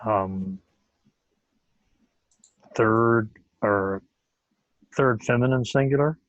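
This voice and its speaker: A man answering as a student in an online lesson, halting with long pauses between words. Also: fairly low pitch, no room sound, lo-fi sound. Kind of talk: answering in a tutoring session.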